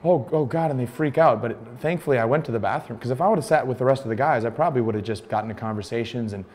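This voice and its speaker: A man's voice: mid-range voice, very fast. An American man in his thirties, a former pro soccer player, recounting his story in an interview and acting out the dialogue he quotes. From United States. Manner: animated retelling, acts out quoted dialogue.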